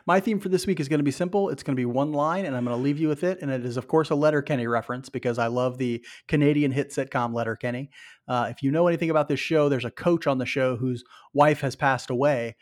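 A man's voice: mid-range voice, quick pace. A man co-hosting a casual sports podcast, breaking down stats and reading a sponsor spot. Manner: analytical, reads ad copy and stats. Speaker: podcast co-host.

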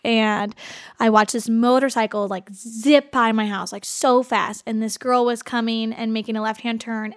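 A woman in her twenties, a podcast co-host, telling a story in casual chat, full of "like" and quick laughs. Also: on the high side, smooth, dry recording, studio quality. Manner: animated storyteller, frequent "like" and laughs.

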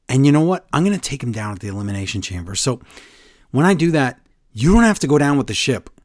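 A man's voice: medium pitch, dry recording, clean studio sound. A man co-hosting a casual podcast chat, recapping wrestling and acting out the quotes in different voices. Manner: animated, acts out quotes with voice changes.

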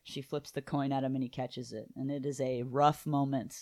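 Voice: mid-range voice, flat delivery, normal speed, darkish tone. Podcast cohost chatting about a comic, acts out scenes, swears a bit. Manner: retells scenes with voices, swears casually. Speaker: podcast co-host. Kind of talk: casual chat about a comic book.

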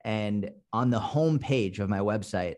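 Low-ish boston guy, blunt, swears a lot, no bs coach talk. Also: normal speed, darkish tone. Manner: blunt, profane, no-nonsense. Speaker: fitness coach guest. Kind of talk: casual podcast interview.

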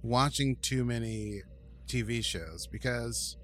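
Male co-host, lively casual recapper, voices the quotes as he tells it. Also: mid-range voice, slow, slight background noise. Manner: animated, acts out quotes in voices. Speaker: podcast co-host recapping an episode.

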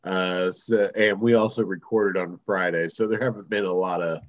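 A man's voice: sits low, fairly even intonation, moderate pace, highs cut off. A man co-hosting a casual podcast, joking in dry, wry asides. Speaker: podcast co-host. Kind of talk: casual chat.

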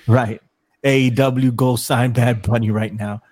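A man's voice: medium pitch, fairly even intonation, a little mellow. A man hosting a wrestling podcast, stumbling over his words and repeating himself as he chats. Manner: halting, repeats words, laughs easily. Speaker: podcast host. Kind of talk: casual chat.

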